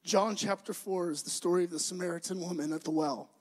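A young adult man preaching a sermon, telling the story with animated, acted-out voices. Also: high voice, quick pace, poor audio.

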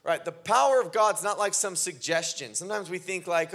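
A male pastor delivering a sermon to a congregation. His voice sits high and sounds bright and forceful. He moves from quiet storytelling to fervent, emphatic preaching. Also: normal speed.

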